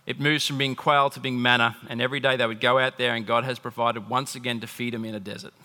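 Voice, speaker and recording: A man preaching a sermon as pastor, swinging between loud emphatic bursts and quiet, intimate asides. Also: medium pitch, level tone, fast. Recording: long hall reverb.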